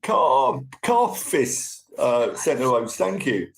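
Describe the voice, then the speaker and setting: A man with a gravelly, rough edge to his voice, hosting a relaxed live stream. He chats easily and greets viewers by name as they arrive. His pitch sits in a typical middle range. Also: takes it slowly, poor audio. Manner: chatty, thanks viewers by name as they join. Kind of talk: casual live stream chat.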